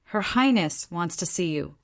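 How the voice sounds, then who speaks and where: A woman's voice: fairly low pitch, animated, a little slow. A woman voicing a formal, businesslike manor maid in an audiobook.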